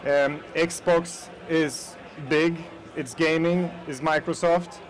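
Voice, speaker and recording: This man's slightly high voice keeps a steady tone and a slow pace as he gives an informal conference talk in a hall. He's Swedish with a Swedish accent, talks straight to the audience, and uses plenty of fillers; the audio quality is poor.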